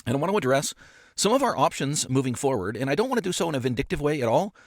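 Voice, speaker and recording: A man's voice: on the high side, very animated, racing, no room sound. A man hosting a casual podcast monologue, passionate and emphatic, with frequent fillers and repeated words, recorded on a studio microphone in a parked car. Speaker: podcast host and appraiser coach.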